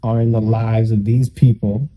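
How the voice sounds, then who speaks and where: Dark-voiced man telling a vivid story. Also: fairly low pitch, little pitch movement, moderate pace, slight background noise. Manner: emotional, vivid storytelling that acts out the people involved. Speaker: guest. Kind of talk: personal testimony in a casual church conversation.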